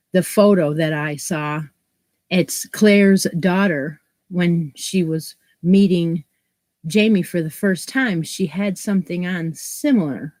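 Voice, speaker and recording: A woman's voice: on the low side, darkish tone, no room sound. Stuffy-nosed chatty woman livestream host. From New York State, US. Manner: chatty, greets viewers by name. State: stuffed up from allergies. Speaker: crochet channel host. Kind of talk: casual live-stream chat.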